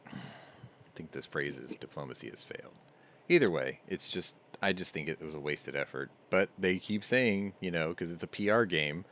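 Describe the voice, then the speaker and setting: A man's voice: sits low, normal speed, fairly bright tone. A man hosting a casual livestream, reading news headlines aloud and riffing on them with sardonic asides. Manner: sardonic, reads headlines then riffs on them.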